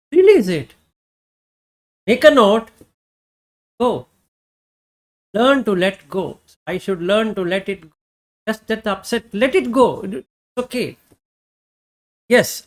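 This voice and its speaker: A Dhamma teacher giving an informal Buddhist teaching, reflective and halting, asking rhetorical questions and then answering them. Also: mid-range voice.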